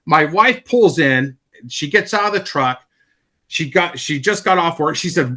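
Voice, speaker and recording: A man's voice: a little high, expressive, unhurried, sharp tone. A man on a comedy podcast, telling a long anecdote in casual chat, with restarts and repeated words. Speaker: podcast co-host.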